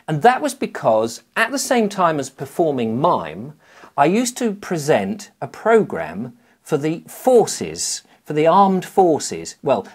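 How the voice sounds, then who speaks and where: A middle-aged man, a children's author, chatting to camera in a rambling, animated way. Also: on the high side, breathy edge. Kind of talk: casual talk to camera.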